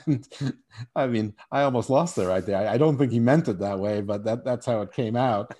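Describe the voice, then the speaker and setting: A man guesting on a wrestling podcast, giving animated, opinionated takes and often repeating words as he starts a thought. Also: fairly low pitch, quick pace. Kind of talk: casual wrestling opinion chat.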